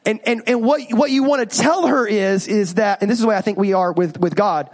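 A pastor in his thirties preaching a sermon, animated and joking as he tells stories and asks the congregation questions. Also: high voice, a little fast, few pauses.

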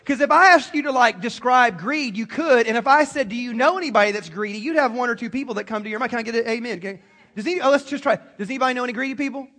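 A man preaching a sermon to a congregation, animated and acting out quoted voices. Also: very high voice, very fast. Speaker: pastor.

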